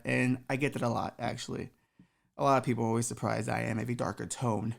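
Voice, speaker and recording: A woman's voice: a bass voice, fairly even intonation, quick pace, creaky. A woman hosting a comedy podcast, telling a crude improvised story in a rambling way. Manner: rambling, filler-heavy, crude.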